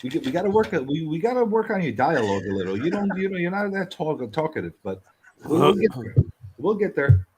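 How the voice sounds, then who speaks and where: A man in a casual group video chat, teasing the others with loud, rambling, playful bluster. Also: a little high, sing-song, fairly quick, slight background noise. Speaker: community hangout regular.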